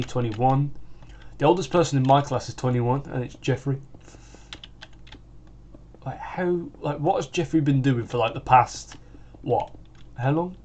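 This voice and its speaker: A man's voice: mid-range voice, a little mellow, slight background noise. Rambling British teen boy gamer. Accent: British English. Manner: rambling, full of "like" and restarts. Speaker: gaming channel host. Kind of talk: casual chat while gaming.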